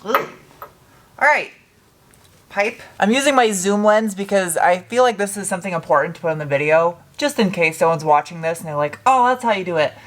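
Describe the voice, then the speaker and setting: A woman's voice: lowish voice, lively intonation, a little fast. A young adult woman casually narrating her truck restoration in a garage, joking and talking to herself as she works. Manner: chatty, joking, talks to herself while working. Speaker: car restoration vlogger.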